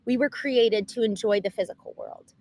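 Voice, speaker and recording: A woman quoting a warm, sentimental phone agent, who speaks in an effusive, gushing way. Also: medium pitch, moderate pace, natural voice. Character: warm, gushing Southern woman on a customer-service line.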